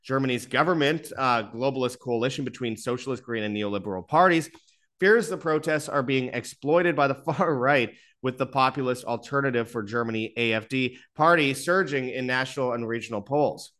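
A man's voice: mid-range voice, fairly quick, a bit bright. A man hosting an online commentary show, reading out posts and articles and adding his own remarks with frequent fillers. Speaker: commentary channel host. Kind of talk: political commentary over news clips.

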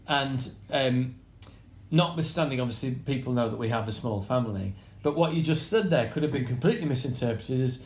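A man's voice: mid-range voice, lively intonation, a little fast, a little mellow, roomy sound. A middle-aged Englishman co-hosting a podcast, chatting casually and joking with mock French and put-on voices. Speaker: podcast co-host. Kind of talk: casual chat, reading listener suggestions.

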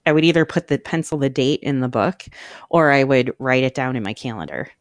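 Host, casual chat, rambling and animated, mid pitch, very dry close recording. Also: fairly quick, no room sound. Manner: chatty, rambling, animated storyteller.

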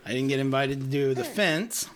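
A man's voice: medium pitch, normal speed. A man hosting a casual podcast from a friend's house, joking and laughing often. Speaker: podcast host.

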